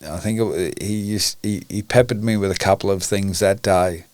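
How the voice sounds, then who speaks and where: Low-voiced man, frank and emotional. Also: steady tone, normal speed, darkish tone, no room sound. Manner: frank, emotional, swears often. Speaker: podcast guest. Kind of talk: candid conversation.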